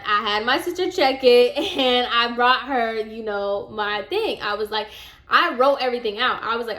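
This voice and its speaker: A woman's voice: fairly high pitch, normal speed. A young woman vlogger telling a storytime in a casual, exasperated way, acting out both sides of the conversations she describes. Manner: animated, exasperated retelling that acts out both sides of the dialogue. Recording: roomy echo.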